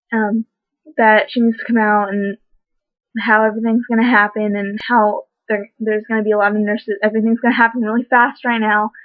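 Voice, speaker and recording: A woman's voice: medium pitch, no room sound. A young woman telling a long personal story in a casual vlog, rambling with lots of fillers. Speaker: vlogger. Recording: dry tinny phone-like sound.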